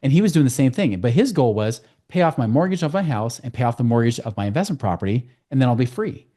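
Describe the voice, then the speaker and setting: Fast-talking male money coach. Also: medium pitch, big pitch swings, dark tone. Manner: fast, storytelling with client anecdotes. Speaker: guest, financial coach. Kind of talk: podcast interview.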